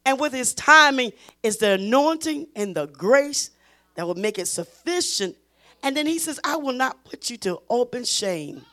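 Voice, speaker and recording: High-voiced woman preaching emphatically. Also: expressive, moderate pace. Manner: emphatic, repeats phrases, rises to near-shouting. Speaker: Bible study teacher. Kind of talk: preaching in a Bible study.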